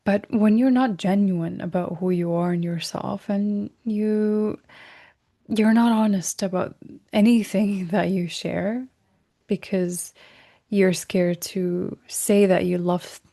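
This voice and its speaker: Woman, workshop host, mellow warm tone, gentle, reflective, self-correcting, soft whispered words. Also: medium pitch, steady tone, slow pace. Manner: reflective and gentle, often correcting herself mid-sentence. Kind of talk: recorded self-help workshop talk.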